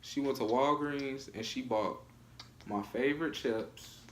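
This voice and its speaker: A man's voice: mid-range voice, measured pace, fairly bright tone. A young man telling his side of a relationship story in casual, joking vlog chat. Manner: loose, joking, cuts in. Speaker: vlogger, storytelling half of a couple.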